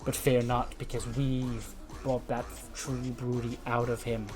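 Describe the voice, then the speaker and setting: A man voicing a brash female wrestler cutting a slow, drawn-out promo. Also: mid-range voice, little pitch movement, music in the background, lightly acted. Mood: showy.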